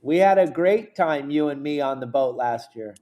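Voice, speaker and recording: A man's voice: on the high side, animated, normal speed, mellow. A man hosting a livestream in casual chat, easygoing and passing along viewer questions. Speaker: livestream host.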